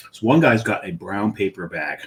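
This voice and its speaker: A man's voice: lowish voice, lively intonation, normal speed. A middle-aged man co-hosting a podcast, telling rambling stories with many ums and restarts. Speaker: podcast co-host. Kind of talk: casual storytelling.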